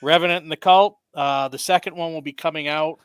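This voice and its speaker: A man's voice: on the high side, steady tone, brisk, fairly bright tone, clear, resonant tone, no room sound. A man chatting as a guest author on a casual podcast. He rambles with fillers while he promotes himself and jokes with the hosts. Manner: rambling, self-promoting, joking.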